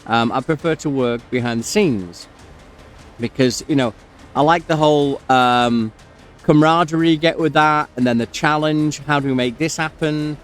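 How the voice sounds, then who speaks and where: A man's voice: fairly high pitch, moderate pace, faint music behind. A man telling a long personal story while he plays a game, rambling with plenty of fillers and breaking off to comment on what happens on screen. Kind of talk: casual storytelling over gameplay.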